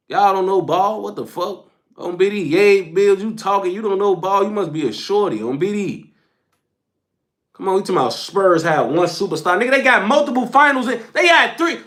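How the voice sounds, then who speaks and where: A man's voice: high-pitched, bright, forceful tone. A young man hosting a livestream, speaking as he scolds his chat in a heated, repetitive, slangy rant. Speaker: livestream host.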